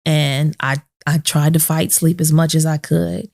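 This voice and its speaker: A woman's voice: low-pitched, little pitch movement, a little slow, creaky, a little mellow. A woman hosting a podcast, telling an emotional personal story and acting out the voices of the people in it. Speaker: podcast host. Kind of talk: sit-down podcast conversation.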